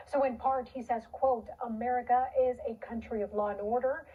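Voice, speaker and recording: A woman reading the news as a TV anchor in a measured, formal way. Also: a little high, fairly even intonation, slightly rough. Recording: dull, distant TV audio.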